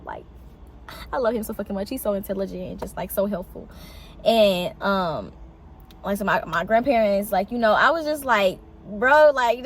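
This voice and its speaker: A young woman vlogging casually, telling an animated story full of fillers and swearing. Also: a little hiss or hum. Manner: animated, swearing, filler-heavy, pitch jumps on exclamations. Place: outdoors in shade.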